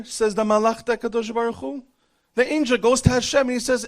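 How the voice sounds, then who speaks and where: High-voiced man giving an earnest religious lesson. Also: fairly even intonation, fairly quick. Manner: earnest, exhorting, peppered with Hebrew terms. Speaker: rabbi teaching a class.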